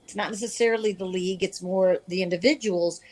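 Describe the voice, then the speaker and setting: A woman in her fifties from the American Midwest, a sports reporter telling her career stories in an interview, animated and self-deprecating. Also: medium pitch, fast talker, poor audio. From Midwest of the United States. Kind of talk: candid conversational storytelling.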